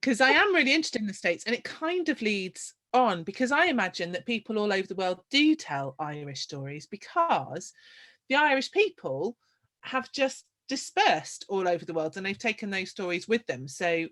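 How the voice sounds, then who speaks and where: A woman's voice: medium pitch, sing-song, normal speed, a bit bright. A woman hosting an interview, thinking aloud in a thoughtful, hesitant way. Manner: thoughtful, hesitant, restarts phrases. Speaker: host. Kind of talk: conversational interview.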